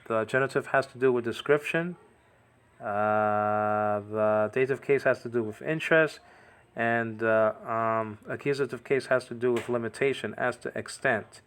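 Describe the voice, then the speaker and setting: Speaking with a clean, somewhat bright tone at medium pitch, a male teacher leads a casual language lesson. He repeats words to correct how they're pronounced and regularly checks in with "okay."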